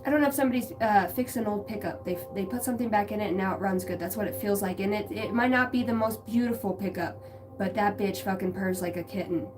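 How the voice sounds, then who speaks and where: A woman gives a loose, rambling spiritual reading outdoors on a ranch, often searching for words and swearing casually. She sits well back from the microphone, and clear music plays behind her voice. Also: medium pitch, fast talker, far from the mic. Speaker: spiritual channeler. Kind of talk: livestream intuitive reading. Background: music, passing pickup trucks.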